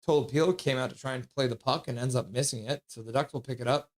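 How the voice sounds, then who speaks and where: A man streaming live hockey play-by-play, excitable and blunt, chatting casually with his viewers between plays. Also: medium pitch, fast. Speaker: streamer doing fan play-by-play.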